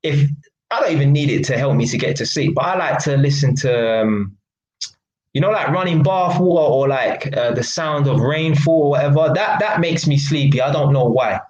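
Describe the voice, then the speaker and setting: Young streamer, blunt and mocking, a bit high-pitched, roomy echo. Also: male voice, moderate pace, a little mellow, dull audio. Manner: blunt and mocking, London slang, frequent laughs. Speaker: live stream host. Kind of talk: casual live stream chat. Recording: echoey room.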